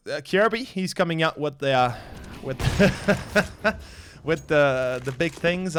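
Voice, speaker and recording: A young man with a Slovenian accent calls an esports match alone over a headset, his voice sitting fairly high. He climbs fast in pitch and volume when the action heats up, then eases back to chat with viewers. A faint hiss runs under his voice. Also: expressive. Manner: rises sharply in pitch and volume during action, chats with viewers between plays. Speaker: esports caster. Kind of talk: solo play-by-play commentary.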